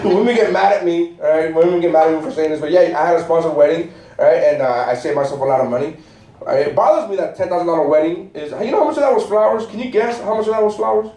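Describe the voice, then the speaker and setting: A man in his thirties doing a live stand-up set on a cruise ship stage, animated, tossing "right?" to the crowd. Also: on the high side, fast talker. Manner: animated, rhetorical "right?" asides. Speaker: stand-up comedian. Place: cruise ship theater, audience laughing. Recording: echoey theater from far off. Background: crowd laughter.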